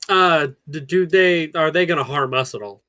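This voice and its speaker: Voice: mid-range voice, normal speed, bright, forceful tone. A player at a tabletop game, asking questions in a hesitant, casual way.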